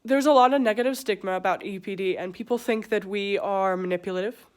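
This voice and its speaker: A young British woman speaks candidly to camera in a personal vlog. Her voice is smooth and clear at an ordinary pitch, and she pauses often, restarting her thoughts as she goes. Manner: frank, halting, with pauses and fillers. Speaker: vlogger.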